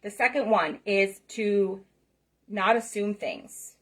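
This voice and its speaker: A middle-aged woman who works as a spiritual self-help speaker gives an emphatic talk to camera, passionately repeating points and asking "okay?" and "right?". She speaks slowly in a mid-range voice that's a bit bright.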